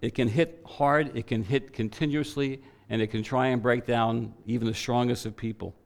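A man preaching to a church, telling a personal story in an animated way and voicing the people in it. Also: mid-range voice, moderate pace, creaky. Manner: animated storytelling with quoted voices.

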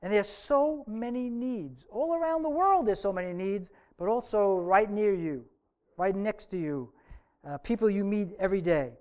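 A man's voice: high voice, moderate pace, a little mellow. A man preaching a sermon to his church, earnest, stretching out key phrases for emphasis. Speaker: pastor.

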